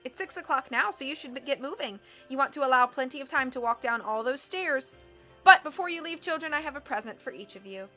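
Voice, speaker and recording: A woman's voice: high voice, animated, brisk, pushed and bright, soft background music. A woman putting on a haughty, bossy rich socialite. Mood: dismissive. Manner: haughty, dismissive, emphatic. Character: vain trend-obsessed rich woman, bossy. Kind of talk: audiobook character voice.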